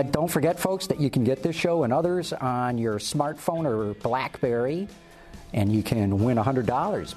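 A man's voice: medium pitch, darkish tone. A man hosting a casual talk show, rambling and restarting his sentences. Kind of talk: casual panel chat.

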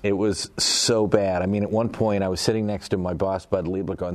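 Man, middle-aged, deep voice, animated storyteller, casual panel chat. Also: moderate pace, few pauses. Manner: animated storyteller, laughs easily. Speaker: former auto industry PR man, panelist.

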